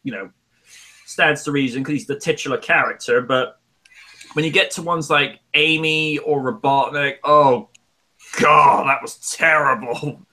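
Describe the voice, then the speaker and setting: A man's voice: fairly high pitch, a little slow, pushed and bright. A man hosting a casual gaming talk show, giving blunt, grumbling opinions. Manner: blunt, grumbling opinions with mock-quoted reactions. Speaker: show host.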